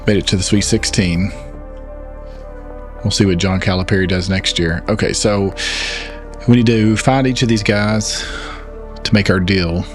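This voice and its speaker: Southern guy from arkansas, lowish voice, chill let's play chatter, explains controls. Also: steady tone, unhurried, long pauses, over music. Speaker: gaming channel host. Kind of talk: casual let's play commentary.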